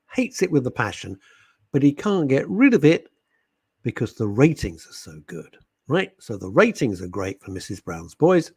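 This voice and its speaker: A man's voice: fairly low pitch, slightly rough, no room sound. A middle-aged man, hosting a radio show in casual, rambling chat. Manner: animated, rambling, puts on quoted voices. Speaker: radio host.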